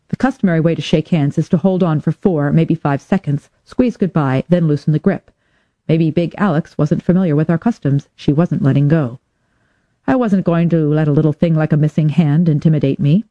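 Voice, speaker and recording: Wry deadpan woman narrating a hardboiled story. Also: sits low, a little fast, no echo. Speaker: audiobook narrator. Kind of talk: first-person hardboiled narration. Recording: dull, dry lo-fi recording.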